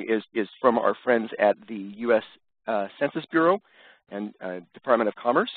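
A man's voice: mid-range voice, dry recording. Man with a head cold, phone line. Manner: upbeat, with many fillers. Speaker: webcast host and presenter. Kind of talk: presenting a business webcast. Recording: dry, tinny phone-line audio.

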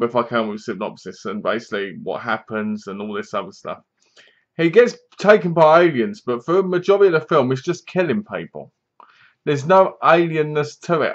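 A man's voice: mid-range voice, lo-fi sound. A young man rambling through a casual spoken film review, correcting himself as he goes and acting out characters' lines.

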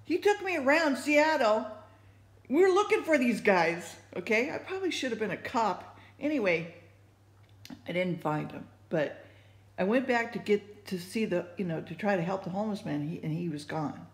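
A woman's voice: medium pitch, very animated, normal speed. A woman sharing her faith thoughts in casual, rambling talk, full of fillers and restarts. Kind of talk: casual spoken reflection. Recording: echoey room.

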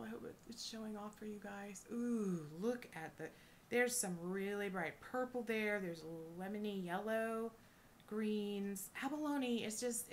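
A woman reselling jewelry, chatting casually and gushing with excitement as she unboxes a thrift lot. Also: mid-range voice, a little hiss or hum. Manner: gushing, excitable, lots of oohs and little laughs.

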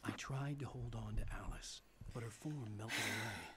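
An actor playing a brooding male novelist who narrates his own thriller in a measured, somber way. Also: fairly low pitch, heavy background noise, lightly acted. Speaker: game narrator. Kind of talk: scripted game narration.

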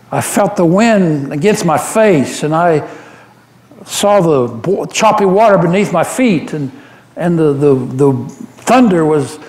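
A man playing the apostle Peter, an earnest, devoted fisherman telling his memories in a first-person monologue during a church service. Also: a little high. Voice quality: earnest, animated storyteller with frequent restarts. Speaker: church member giving a dramatic monologue. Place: church sanctuary. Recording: roomy church echo.

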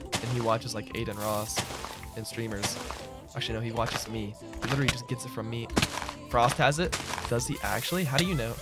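Here's a streamer who also runs the server, playing a game and calmly reading and replying to chat aloud. His mid-range voice moves a little fast, "bro" pops up all the time, and music sits in the background.

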